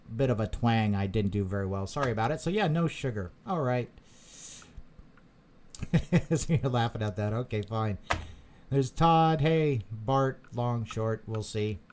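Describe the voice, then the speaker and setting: A man's voice: mid-range voice, darkish tone, a little hiss or hum. A man hosting a live stream, chatting casually and reading out viewer comments, rambling with many repeated words and fillers. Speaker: crypto channel host.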